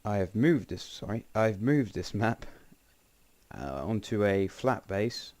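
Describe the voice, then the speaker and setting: A man's voice: lowish voice, expressive, takes it slowly, a little mellow, slight background noise. A man giving casual, rambling gameplay commentary with wry asides and frequent self-corrections. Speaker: game channel host.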